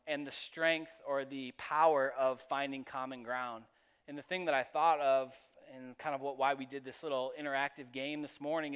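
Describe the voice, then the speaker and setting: A man's voice: a little high, a bit bright, clean tone, big-room sound. A man giving a sermon as pastor, speaking in a conversational, personal storytelling manner.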